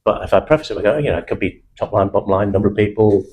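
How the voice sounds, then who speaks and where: A man runs a sales training session, talking bluntly and confidently. His low, warm voice carries British slang. A faint room ambience sits underneath. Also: rapid-fire, a little hiss or hum, poor audio. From England (South Manchester). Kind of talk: live sales training talk.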